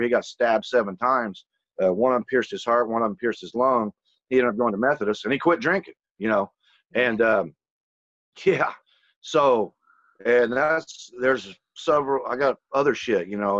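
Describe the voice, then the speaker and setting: A man's voice: medium pitch, a bit bright, no echo, muffled recording. Rambling, profane man telling a story. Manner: rambling, loose and profane, full of "you know". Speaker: channel host telling a personal story. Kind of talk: casual conversational storytelling.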